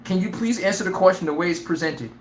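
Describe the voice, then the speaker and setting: Brash, laughing live sports-stream host. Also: male voice, sits high, fast talker, echoey room, slight background noise. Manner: brash, animated, laughs often, acts out players' lines. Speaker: sports talk show host.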